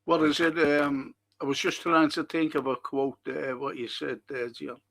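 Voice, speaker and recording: An older man, chatting warmly to his livestream audience as he greets viewers and answers their comments. His voice sits a touch high for a man, with a gravelly edge, and he talks at a slow, unhurried pace. The recording is dry and close, with no room sound. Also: fairly even intonation, dry recording. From Liverpool, England. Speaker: livestream host and historian. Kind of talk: casual livestream chat.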